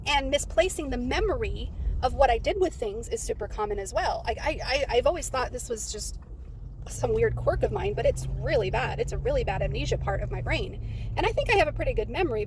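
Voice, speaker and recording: A woman's voice: a little high, background noise. Rambling woman vlogging from her car. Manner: rambling, self-interrupting, restarts often. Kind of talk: casual spoken notes, rambling. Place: in and around a parked car.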